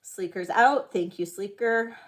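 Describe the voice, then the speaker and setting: A middle-aged woman runs a live jewelry auction in a loose, chatty way. She talks slowly and wanders off topic, laughing at herself as she goes. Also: mid-range voice, a bit bright. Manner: chatty, self-deprecating, scattered. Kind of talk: casual live-stream selling chat.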